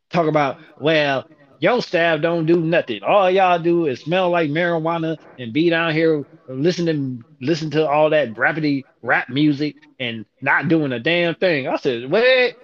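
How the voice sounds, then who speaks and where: A man telling a long, profane story to listeners, acting out the quotes with sudden jumps in voice. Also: no echo. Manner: animated, profane, acts out quotes with big pitch jumps. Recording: dull lo-fi audio.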